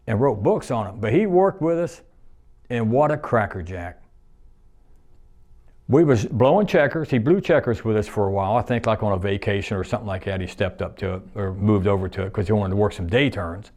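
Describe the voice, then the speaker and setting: A man in his sixties, a retired plant worker, reminisces in a rambling, folksy manner, repeating himself and using nonstandard grammar. His voice sits on the low side with a darkish tone.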